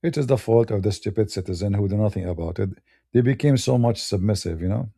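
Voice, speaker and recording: A man from the Middle East rants in broken English with a Middle Eastern accent, his low, mellow voice fast, creaky and a little rough. As a debater, he delivers a blunt, scornful, heated monologue.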